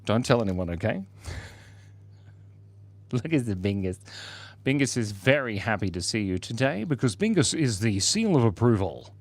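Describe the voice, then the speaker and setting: A playful man chatting on a livestream while he draws, reading out viewer messages and cracking jokes. His pitch swings widely from low murmurs to high squeals. The sound is close and dry, with no room echo. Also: very animated, moderate pace, pauses often, darkish tone. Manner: playful, reads out chat messages, jokes and laughs often. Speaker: livestream host drawing for viewers. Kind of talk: casual livestream chat while drawing.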